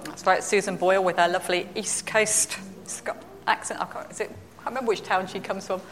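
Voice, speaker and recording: A woman's voice: mid-range voice, fairly even intonation, a little fast, long reverb tail. A woman leading a casual church talk, chatty and self-deprecating, laughing easily.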